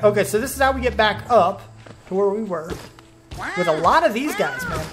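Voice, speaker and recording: Soft music plays behind this male streamer, whose high, slightly bright voice moves at a moderate pace with lively intonation. He chats to himself and his audience while playing a video game, often reacting with surprise.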